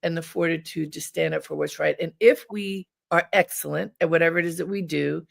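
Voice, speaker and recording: A woman's voice: low-pitched, fairly quick, creaky. A woman hosting a radio interview show, speaking emphatically and encouragingly to her guest.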